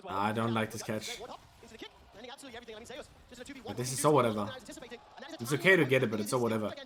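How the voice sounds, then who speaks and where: A man reviewing a match as a coach on a live stream, emotional and animated, often tagging his points with "right?". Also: medium pitch, moderate pace, a crowd in the background. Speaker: esports coach.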